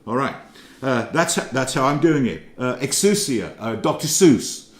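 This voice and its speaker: A man's voice: mid-range voice, animated, measured pace, echoey room. A middle-aged English man teaching Greek vocabulary in a rambling, hesitant way, full of fillers and restarts. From England. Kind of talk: informal recorded lecture.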